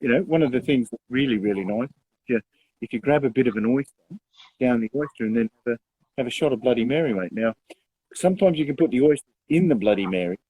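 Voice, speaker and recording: A young man co-hosting a casual live show, chatty and quick to laugh, calling his partner mate. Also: medium pitch, lively intonation, slightly rough, no room sound, phone-quality sound. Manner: chatty, laughs often, says mate a lot. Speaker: co-host.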